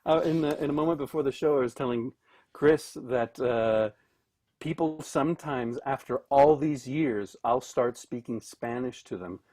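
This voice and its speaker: A man's voice: medium pitch, normal speed, warm tone. A middle-aged man from Canada talks casually as a guest on a video call. He rambles and restarts his sentences often, with plenty of fillers. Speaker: guest, orchestral cellist.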